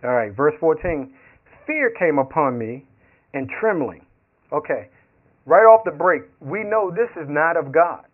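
A man's voice: fairly high pitch, animated, a little slow. A man preaching a sermon, telling stories with acted quotes, laughing along as he goes. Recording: tinny phone-like radio sound.

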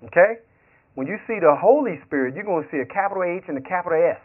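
A man preaching a sermon in a slightly high voice, moving from Bible reading into stories full of acted-out quotes. The sound is thin and tinny, as if carried over a phone line. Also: lively intonation, fast talker. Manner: storytelling with acted quotes and laughter.

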